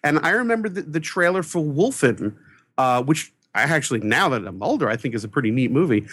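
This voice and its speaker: An excitable man from New York, a movie critic, tells a story on a podcast. His voice sits a little high and swings widely in pitch, and the sound is close and dry, with no room echo. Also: fairly quick, breathy edge. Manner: excitable, acts out quoted voices with big pitch jumps. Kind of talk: animated anecdotal storytelling.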